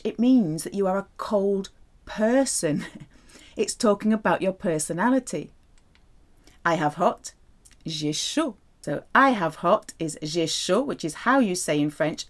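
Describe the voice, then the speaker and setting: A woman giving a language lesson in a playful, animated teaching manner. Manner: playful, animated teaching with wide pitch swings. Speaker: French teacher.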